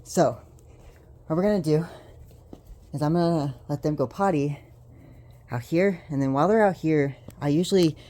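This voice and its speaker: A woman's voice: low voice, normal speed, long pauses, mellow. A woman filming her puppies at home and in her yard, chatting to the camera and coaxing them outside, sometimes winded. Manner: coaxing and scolding puppies, often laughing and sighing. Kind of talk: casual vlog narration. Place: home and backyard, indoors and outdoors. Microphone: handheld video camera.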